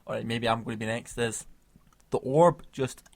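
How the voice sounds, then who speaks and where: A man's voice: mid-range voice, moderate pace, creaky. A man co-hosting a comic podcast, chatting casually, rambling and laughing as he spins out comic tangents. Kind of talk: casual chat.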